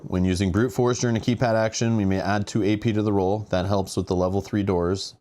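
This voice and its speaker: Excitable low-voiced man thinking aloud. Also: a little fast. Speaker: board game streamer. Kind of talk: live solo board game playthrough.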